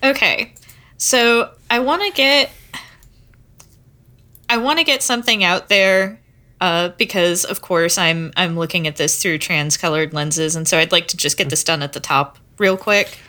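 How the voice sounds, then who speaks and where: A woman's voice: lowish voice, measured pace, sharp tone. A woman co-hosting a podcast, chatting casually and offering her own take with hedging asides. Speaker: podcast co-host. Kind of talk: casual chat.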